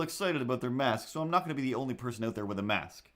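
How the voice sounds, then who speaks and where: A man of middle pitch tells a rambling story on his livestream. He talks casually, with restarts, and jumps into a higher pitch when he acts out his own thoughts or the people he meets. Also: animated, rapid-fire. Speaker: livestream host. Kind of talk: casual storytelling while drawing.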